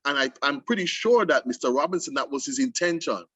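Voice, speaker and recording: A man hosting a casual poetry discussion for students, explaining emphatically with lively restarts. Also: fairly high pitch, brisk, slightly rough, no room sound. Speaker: host.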